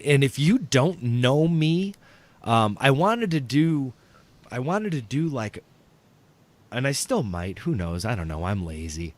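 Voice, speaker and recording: A man, a guest on a talk show, telling crude stories in casual chat with laughter, profanity and many restarts. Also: medium pitch.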